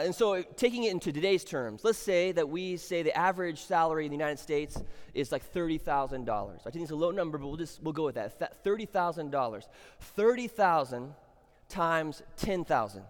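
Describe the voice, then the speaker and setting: A man with a slightly high voice preaches a sermon, working through scripture verse by verse. He repeats key phrases for weight and throws rhetorical questions at the congregation. The sound carries a long hall reverb. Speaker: pastor.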